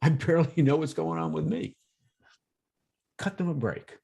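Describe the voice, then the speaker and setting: A man presenting a workshop in a relaxed, conversational way over a video call, acting out everyday examples. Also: fairly high pitch, normal speed, vocal fry, slightly rough. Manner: lively, acts out examples in quoted voices. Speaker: workshop presenter on emotional intelligence.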